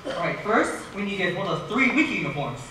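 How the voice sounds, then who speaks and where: A teen actor plays a resourceful, friendly scarecrow in a mid-pitched, bright voice with steady delivery. The sound booms around a large auditorium, heard from far back with faint hiss. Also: quick pace, heavy reverb. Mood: scheming. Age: teens.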